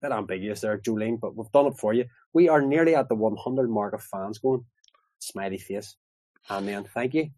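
A man's voice: on the low side, moderate pace, warm tone, dry recording. A man with a Belfast accent joking around on a casual sports podcast. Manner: jokey and playful. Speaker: podcast co-host.

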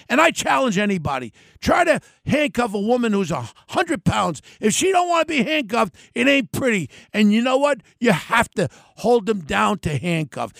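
A blunt, ranting man from New York hosts his own podcast with a fairly high, gravelly voice. His speech is rough and full of street slang. The recording is dry and close, with no room sound. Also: no echo. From New York City. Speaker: podcast host. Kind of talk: solo podcast rant.

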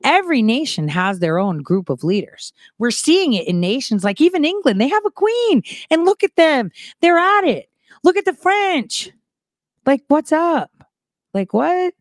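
Woman commentator, animated casual monologue, mid-pitched, close and dry. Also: no room sound. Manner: animated, quick shifts from soft asides to emphatic rises. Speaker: online commentator.

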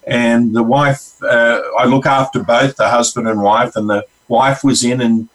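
A man's voice: mid-range voice, fairly even intonation, measured pace, a bit bright, recorded from a distance, low-quality recording. A man with an Australian accent, a regular counselor on a radio show, telling rambling stories with acted-out quotes. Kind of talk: casual on-air storytelling.

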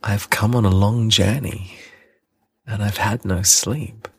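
A man voicing a small, gentle boy prince in a storybook reading, asking timid, earnest questions. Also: fairly low pitch, fairly even intonation, slow pace, vocal fry, slightly rough, dry recording, studio quality, full character voice.

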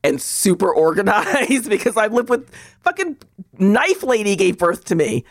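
A woman's voice: medium pitch, big pitch swings, normal speed, no room sound, studio quality. A woman co-hosting a podcast, telling profane, exasperated stories with bursts of laughter. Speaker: podcast co-host. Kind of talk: casual chat.

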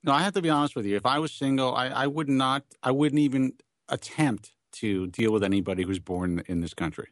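A man hosting a radio call-in show, telling stories in a lively, stammering way. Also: mid-range voice, fairly quick, no echo, clean studio sound. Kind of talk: casual banter.

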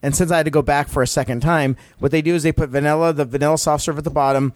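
A middle-aged man co-hosting a podcast, chatting casually in an excited, rambling way and acting out quotes. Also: on the high side, rapid-fire, no room sound, studio quality. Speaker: podcast co-host. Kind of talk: casual chat.

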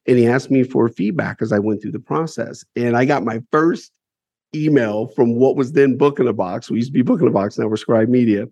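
A man's voice: medium pitch, fairly quick, creaky, mellow, no echo, muffled recording. A man who runs a publishing company, telling his life story as a guest in a casual interview, candid and emphatic, swearing freely and repeating words as he builds up each point.

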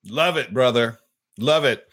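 A man's voice: mid-range voice, expressive, a little slow, a bit bright. Emphatic male podcast host. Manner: emphatic, repeats words, prays aloud. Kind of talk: casual Christian podcast chat and prayer.

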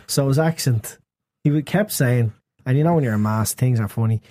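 A man's voice: mid-range voice, moderate pace, dark tone. A young man chatting casually on a podcast, rambling through a story and laughing a lot. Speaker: podcast co-host. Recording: noisy background hiss.

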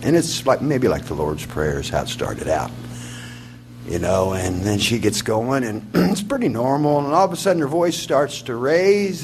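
A man's voice: medium pitch, lively intonation, normal speed, darkish tone, slight background noise. A man in his forties telling a long personal story in a rambling, folksy, wry way. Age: 40s. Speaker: singer-songwriter. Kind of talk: storytelling before a song.

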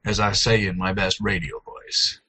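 A man co-hosting a casual podcast, playful and quick to laugh, redoing his intro lines. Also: lowish voice, little pitch movement, bright, forceful tone, breathy edge, low-quality recording. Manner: laughs often, playful, recording intros with retakes. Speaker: podcast co-host. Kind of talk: casual chat.

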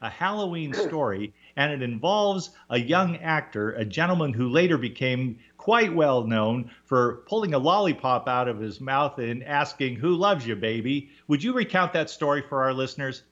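A man's voice: mid-range voice, expressive, normal speed, hardly any pauses, fairly bright tone. A male radio host leads an interview in polished, rather formal wording and heaps praise on his guest. His voice is somewhat dull and muffled, like a lo-fi broadcast.

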